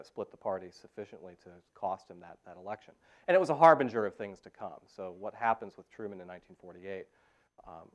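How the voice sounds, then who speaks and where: A man giving a university history lecture, pausing often with "uh" fillers and restarting phrases. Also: on the low side. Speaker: history professor. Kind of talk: academic lecture.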